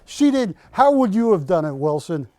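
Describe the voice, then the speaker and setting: A man's voice: high-pitched, big pitch swings, moderate pace, dark tone, no room sound, studio quality. An older man hosting a live shopping show, joking with staff and urging callers on. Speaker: shopping channel host. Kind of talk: live TV sales pitch. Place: TV studio.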